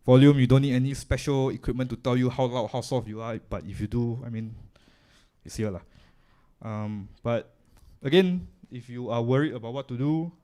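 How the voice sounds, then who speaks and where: A man's voice: medium pitch, steady tone, moderate pace, warm tone. A man with a Singaporean English accent presents a live audio workshop, explaining gear in a casual, chatty way while chewing gum. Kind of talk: live technical demonstration. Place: live event room.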